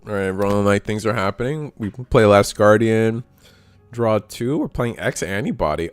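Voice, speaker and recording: A man hosting a store card game tournament stream, giving chatty, excitable play-by-play commentary to his chat. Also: fairly low pitch, normal speed, clear, resonant tone, faint music behind. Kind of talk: casual livestream play-by-play commentary.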